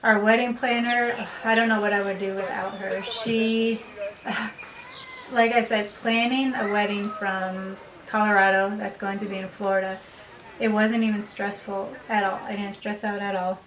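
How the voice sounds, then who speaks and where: An upbeat woman vlogger chats casually at home and laughs easily. Her voice sits at an ordinary pitch and comes from a little way off the mic. The room sounds echoey, with a faint hiss underneath. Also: little pitch movement, normal speed, fairly bright tone, far from the mic. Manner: chatty and upbeat, laughs often. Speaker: vlogger, bride. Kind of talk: casual chat to camera.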